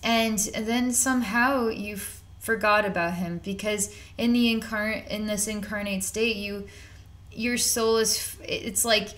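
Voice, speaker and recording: A woman with a medium-pitched, slightly bright voice speaks unhurriedly with fairly even intonation. She's a psychic reader improvising a reading, rambling and repeating words in a conversational way, peppered with casual slang.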